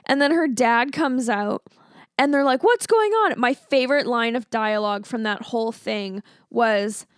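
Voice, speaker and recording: A woman's voice: on the high side, fairly even intonation, normal speed, clean tone, no echo, clean studio sound. A woman co-hosting a podcast, chatty and amused as she retells scenes from a movie. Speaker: podcast co-host. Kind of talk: casual movie-review chat.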